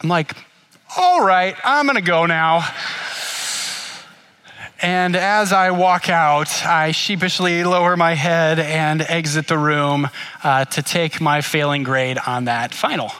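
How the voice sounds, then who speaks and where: A middle-aged man preaching a sermon, telling a personal story in an animated way and acting out the voices of the people in it. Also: on the high side, measured pace, clear, resonant tone. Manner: animated storytelling, acts out whispered asides. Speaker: pastor.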